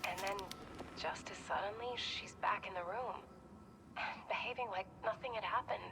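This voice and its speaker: A woman's voice: mid-range voice, moderate pace, background noise, lightly acted. An actress playing a worried woman in a horror game, earnestly describing her sister's trances, heard as game audio with music. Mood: anxious. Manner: anxious, earnest. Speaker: game character.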